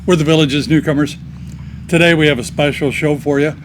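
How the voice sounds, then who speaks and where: A man's voice: a little high, fairly even intonation, a little fast, slight background noise. A man hosting a casual interview show and introducing it in a friendly, plain-spoken way at a recreation center. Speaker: host.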